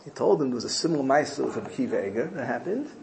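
A man's voice: mid-range voice, very animated, racing, gravelly, very noisy. A man teaching a Torah class, explaining Hebrew verses in English and mixing in Yiddish terms as he tells a story.

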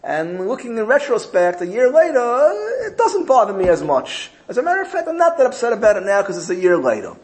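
A woman's voice: medium pitch, big pitch swings, fairly quick, hardly any pauses, a little mellow, voice pushed up, lightly acted. A man voicing an upset wife who insistently repeats her questions. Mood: reflective. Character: upset middle-aged wife, fretting over a broken item.

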